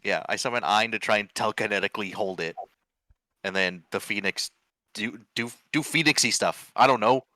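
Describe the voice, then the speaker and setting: A man playing in a tabletop game, excitable and talking in quick bursts. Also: fairly low pitch, no room sound. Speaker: player. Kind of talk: tabletop role-play chat.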